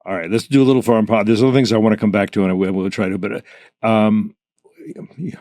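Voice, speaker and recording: A man with a low voice hosts a podcast interview. He speaks casually, with plenty of fillers. The sound is dry and close. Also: fairly even intonation, quick pace, warm tone, no echo. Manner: casual, conversational, frequent fillers. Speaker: podcast host.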